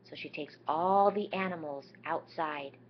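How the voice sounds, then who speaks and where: A woman teaching signs while reading a children's picture book aloud, slow and gentle, livening it up with voices. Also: sits low, dull audio. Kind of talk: storybook reading with sign instruction.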